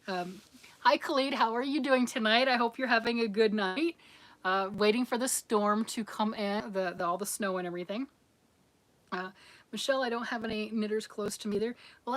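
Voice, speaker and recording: Chatty woman hosting a knitting livestream. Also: medium pitch. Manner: chatty, rambling, self-deprecating, often restarts and laughs. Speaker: host of a live knitting stream. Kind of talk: casual livestream chat, reading viewer comments.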